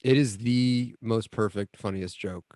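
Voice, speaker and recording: A man co-hosting a podcast over a video call, talking casually in an excitable, profane, exaggerated way. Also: on the low side, measured pace, no echo, clean studio sound. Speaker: podcast co-host. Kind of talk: casual chat. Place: home, remote video call.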